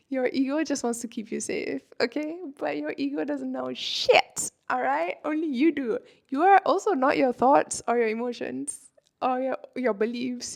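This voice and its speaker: A woman's voice: a little high, unhurried, vocal fry. A woman in her twenties, a manifestation coach talking casually to camera, chatty and filling her talk with "like" and "you know", laughing often. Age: 20s.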